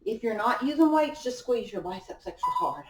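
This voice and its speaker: Faint music plays behind a young woman whose slightly high voice swings widely in pitch at a moderate pace. As a fitness instructor, she leads a home workout class from an indoor room, cheering participants on while she exercises too. The camera mic sits far away, so the room echoes.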